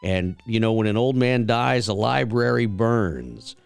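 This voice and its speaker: Middle-aged male radio host, folksy and rambling, mid-pitched, dry close sound. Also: animated, unhurried, vocal fry, smooth, dry recording, faint music behind. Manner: folksy storyteller, rambling with many fillers. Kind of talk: casual radio chat.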